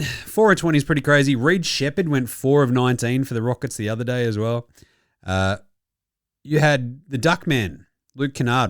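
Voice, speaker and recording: Animated Australian man mocking basketball. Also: medium pitch, dry recording, clean studio sound. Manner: animated, mocking, swears freely, chuckles often. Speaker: basketball podcast host. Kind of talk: casual sports commentary.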